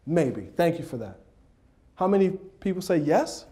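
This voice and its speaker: A man with a high-pitched voice gives a motivational talk at a dinner. He poses questions to the crowd, drops into quiet asides and then bursts into playful sound effects. His storytelling is lively and conversational. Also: normal speed. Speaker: motivational speaker and coach. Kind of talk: motivational speech. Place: dinner banquet.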